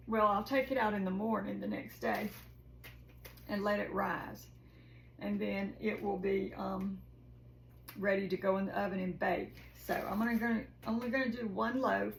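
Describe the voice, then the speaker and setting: A woman with a slightly high, gravelly voice talks her viewers through her holiday cooking plans in a homey, chatty way. She is recorded in a home kitchen with a roomy echo and a faint hum of room noise behind her. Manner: homey and chatty, says "y'all". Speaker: cooking vlogger. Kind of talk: casual cooking chat.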